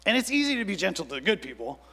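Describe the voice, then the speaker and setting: A man's voice: sits high, big pitch swings, very fast, sharp tone. Young guy pastor giving a chatty sermon, lots of likes, big reverby hall. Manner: conversational, lots of "like" fillers, acts out quotes.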